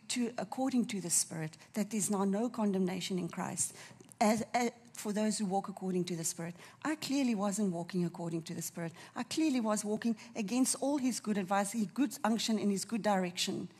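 A woman preaching a sermon, fervent and emotional, dropping to a soft near-whisper at tender moments. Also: medium pitch, breathy edge.

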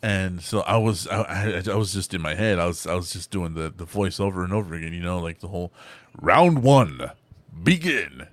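A man with a very deep voice who works as a voice actor, chatting casually on a podcast and telling stories. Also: fairly even intonation, fast, hardly any pauses, dry recording. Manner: storytelling, slips into gravelly character voices.

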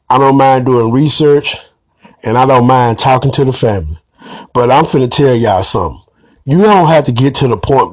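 A man's voice: mid-range voice, no room sound. A man giving an emphatic, preachy commentary monologue straight to his audience. He calls his listeners family and swears bluntly. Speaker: online commentator.

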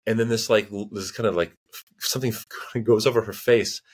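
American man, low voice, casual interview chat, storytelling, lively quoted voices, many fillers. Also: fairly quick. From United States. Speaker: guest linguist.

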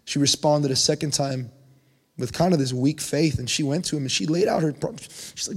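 A young man preaching a conversational sermon, his voice climbing in pitch when he presses a point. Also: fairly quick, husky. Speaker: pastor. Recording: long hall reverb.

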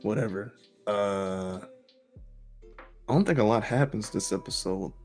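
A man's voice: lowish voice, unhurried, a little mellow, faint music behind. A man casually recapping an anime episode with a co-host, in laid-back slang, laughing often. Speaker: podcast co-host.

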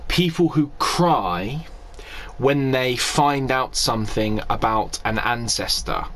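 A man's voice: medium pitch, slow, fairly bright tone, a little hiss or hum. A man from Scotland co-hosting a podcast, ranting in a casual comedic way, exasperated and sweary, often laughing. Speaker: podcast co-host.

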